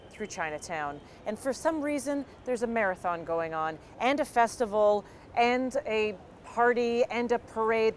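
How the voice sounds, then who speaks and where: A woman from Canada telling a personal story with an animated, self-deprecating comic delivery. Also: medium pitch, slight background noise.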